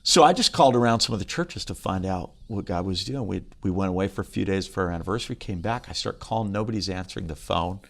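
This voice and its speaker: Gravelly man telling stories. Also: low voice, fast, few pauses. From United Kingdom. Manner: animated storyteller who acts out other voices. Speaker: pastor. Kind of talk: storytelling in a casual chat. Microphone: studio microphone.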